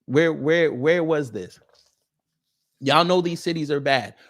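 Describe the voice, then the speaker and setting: A man's voice: a little high, slow pace, a bit bright. A man hosting a political commentary stream, ranting with mocking rhetorical questions and scornful laughs.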